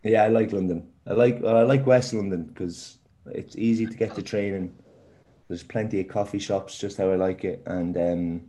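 A young man, a football player, answering interview questions casually in a halting way, often repeating his words. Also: deep voice, steady tone, warm tone. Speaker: footballer guest.

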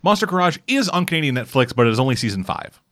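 A man's voice: mid-range voice, big pitch swings, rapid-fire, a bit bright, dry recording. A man chatting casually on a podcast, adding dry, matter-of-fact remarks. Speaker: podcast co-host. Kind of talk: casual chat.

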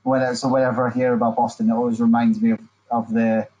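A man's voice: mid-range voice, flat delivery, quick pace, darkish tone, muffled recording. Uk guy chatting, hesitant, lots of ums, faint hiss behind him. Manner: hesitant, searching for words. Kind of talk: casual chat.

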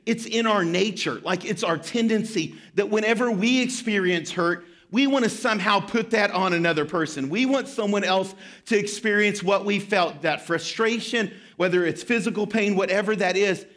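A pastor in his thirties delivers a sermon with a high-pitched voice. He tells stories in an animated, self-deprecating way before turning to scripture. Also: normal speed, few pauses.

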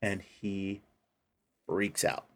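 A man's voice: sits low, fairly even intonation, extremely slow, gravelly, a bit bright. A man co-hosting a casual podcast, retelling a film's plot and acting out the characters' lines. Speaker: podcast co-host. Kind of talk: casual chat retelling a film.

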